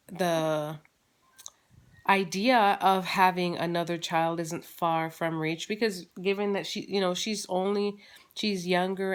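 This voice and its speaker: Mom vlogger in her 30s chatting at home, low-ish voice, rambly with lots of ums. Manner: chatty, rambling, with frequent fillers and restarts. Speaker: vlogger, mother. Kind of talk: casual chat to camera. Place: at home, holding her baby.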